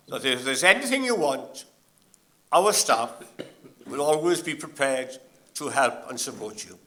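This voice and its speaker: An older man giving a graduation address in a slow, measured and anecdotal manner. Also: fairly high pitch, a bit bright. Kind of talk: ceremonial speech.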